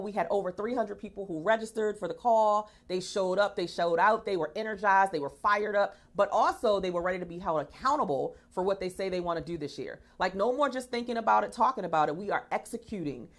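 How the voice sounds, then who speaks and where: Energetic woman hosting a motivational talk show. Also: medium pitch. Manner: emphatic, preachy, hypes up her audience.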